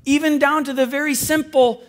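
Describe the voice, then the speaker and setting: A man's voice: extremely high pitch, fairly even intonation, normal speed, fairly bright tone. Earnest man preaching a sermon. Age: adult with school-age children. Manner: earnest, conversational, with wry self-deprecating asides. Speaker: pastor.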